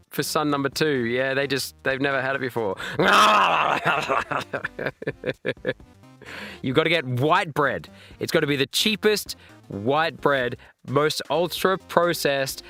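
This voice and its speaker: A man's voice: mid-range voice, a bit bright. An Australian man, a live streamer, chatting casually with his viewers and reading chat aloud, laughing and swearing freely.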